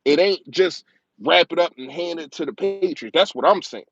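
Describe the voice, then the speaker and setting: A man with a slightly high voice and lively intonation hosts a live-stream football talk show, captured in dull audio. He rants passionately and rapidly about his team, rambling, repeating points for emphasis, and speaking with strong emotion.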